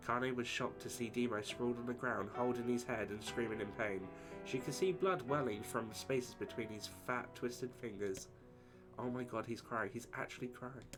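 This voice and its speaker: A man's voice: medium pitch, moderate pace. A man streaming a game, reading its story text aloud and chatting casually with viewers. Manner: steady reading, casual asides to chat. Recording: voice over game music.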